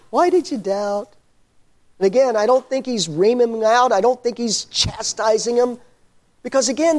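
A man preaching a sermon, telling the story with animated humor and posing rhetorical questions, then dropping to quiet earnestness. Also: very high voice. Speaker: pastor.

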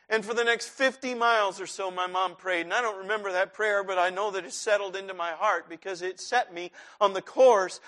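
A man's voice: high voice, fairly even intonation, brisk, hardly any pauses, sharp tone. A man preaching a sermon, telling a personal story and building to impassioned emphasis.

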